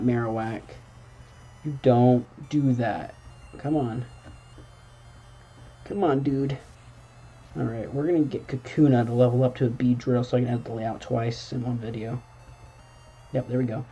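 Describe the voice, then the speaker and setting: In a casual let's-play recorded at home at night, a young gaming host chats through his gameplay, retorting at the game and letting out bursts of exclamation. His medium-pitched voice is warm with a breathy edge, a little slow with long pauses, and the audio sounds dull.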